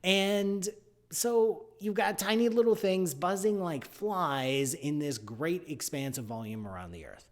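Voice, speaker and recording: A man hosting a live science radio show from a studio, playful and animated with jokey asides. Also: fairly high pitch, a little slow.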